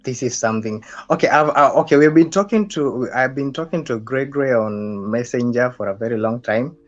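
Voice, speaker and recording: A man from Kenya with a Kenyan accent, a guest poet chatting casually on a video call, halting and repeating his words. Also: mid-range voice. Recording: dull lo-fi call audio.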